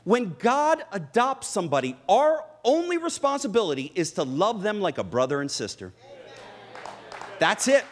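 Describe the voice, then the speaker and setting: A man's voice: sits high, moderate pace. A middle-aged man preaching a sermon in church, joking with the congregation and telling funny family stories. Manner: animated, jokes with the congregation. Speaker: pastor. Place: church before a live audience.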